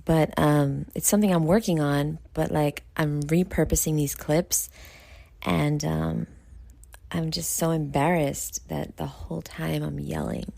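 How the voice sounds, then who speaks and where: A woman's voice: sits low, fairly even intonation, measured pace, creaky, warm tone, dry recording. A tired woman from New York, a show host, talking casually late at night in a rambling, self-critical way with many fillers.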